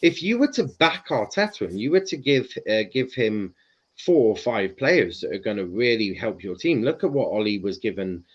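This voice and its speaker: A man's voice: fairly low pitch, sing-song, normal speed. A man hosting a casual podcast chat, hesitant with many ums and restarts. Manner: hesitant, lots of ums and repeats. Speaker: host. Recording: dull lo-fi sound.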